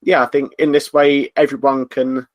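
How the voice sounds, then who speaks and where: A man's voice: mid-range voice, flat delivery, normal speed, no echo. A man, a podcast guest, agreeing with the others and thinking aloud with fillers. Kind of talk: casual podcast chat.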